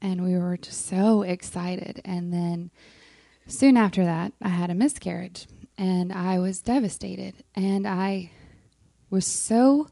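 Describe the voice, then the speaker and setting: A woman, a worship leader sharing a personal faith testimony in a soft-spoken way with frequent ums. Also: fairly low pitch, slow pace, vocal fry, no echo, studio quality. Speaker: worship leader on a moms' panel. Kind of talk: casual heartfelt testimony.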